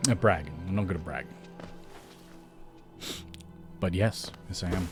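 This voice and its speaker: A man's voice: low-pitched, a little slow, pauses often, music in the background. A man streaming a game with casual, jokey, self-mocking commentary.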